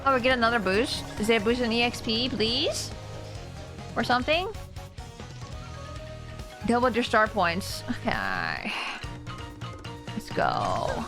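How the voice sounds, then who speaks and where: A woman's voice: on the high side, big pitch swings, takes it slowly, pauses often, music in the background. A woman streamer chatting casually while she plays a game, rambling and laughing often.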